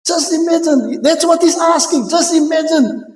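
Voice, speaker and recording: A man preaching a sermon at a church microphone, animated and emphatic, repeating phrases for effect. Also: extremely high pitch, normal speed. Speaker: pastor. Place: church sanctuary. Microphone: stage microphone. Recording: echoey church room.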